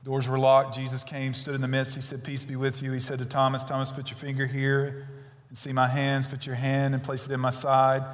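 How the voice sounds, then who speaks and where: A man preaching a sermon as pastor, swinging between quiet earnest stretches and loud emphatic passages. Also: mid-range voice, monotone, brisk. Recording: long reverb of a large hall.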